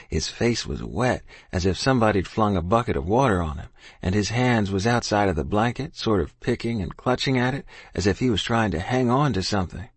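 Low husky male storyteller. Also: animated, fairly quick, hardly any pauses. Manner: plain folksy first-person telling in a boy's rural dialect. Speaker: audiobook narrator. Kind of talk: first-person storytelling narration.

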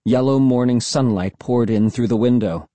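A man reading an audiobook in expressive first-person narration. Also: mid-range voice, moderate pace, no echo. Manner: expressive storytelling.

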